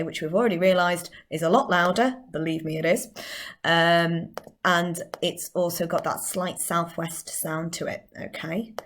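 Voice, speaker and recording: Explaining step by step, a woman with a Northern English accent delivers a chatty recorded drama lesson. Her voice is lowish.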